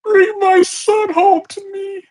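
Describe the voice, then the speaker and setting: A game master voicing a desperate, hoarse mother who sobs through a prayer for her missing son, heard on a crackling old cassette tape. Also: very high voice, little pitch movement, slow pace, a little mellow, pitched above the performer's own voice. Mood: desperate pleading. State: sobbing. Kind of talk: tabletop game narration.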